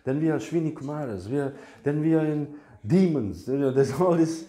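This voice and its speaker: A man's voice: fairly high pitch, lively intonation, normal speed, warm tone. A man gives a lecture on scripture in a temple hall, telling stories playfully and acting out small voices. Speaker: spiritual teacher. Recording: echoey room.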